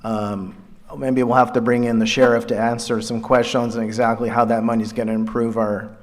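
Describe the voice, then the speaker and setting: A man chairing a town meeting, speaking informally with many pauses and fillers. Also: mid-range voice, little pitch movement. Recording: reverberant hall.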